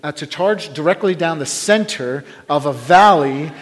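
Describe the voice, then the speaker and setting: Man preacher, animated storyteller, shouts the sound effects, long hall reverb. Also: on the high side, normal speed. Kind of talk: sermon storytelling.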